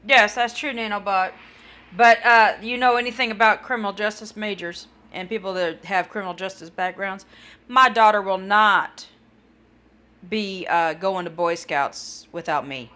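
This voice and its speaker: Casting note: tired woman, bright forceful voice, rambling live-stream chatter to viewers. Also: medium pitch, moderate pace. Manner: rambling, talks to chat viewers by name. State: tired, yawning. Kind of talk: casual live-stream chat.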